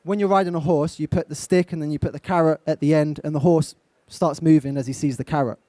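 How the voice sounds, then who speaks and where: On an event stage, a young English motivational speaker delivers a live talk in a direct, coaching style, asking his audience questions. His voice sits on the high side, mellow and steady in tone, with a quick pace and no echo.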